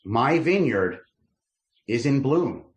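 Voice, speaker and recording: A man's voice: medium pitch, slow. A man, a rabbi, teaching a text study class, reading verses aloud and then musing over what they mean. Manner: reads verses aloud then explains them, lively and musing. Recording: roomy echo.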